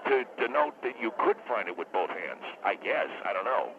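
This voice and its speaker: A man's voice: fairly low pitch, lively intonation, normal speed. A man from Las Vegas calling in to a radio show, hesitant and full of restarts. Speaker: caller. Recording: gravelly tinny phone line with hiss.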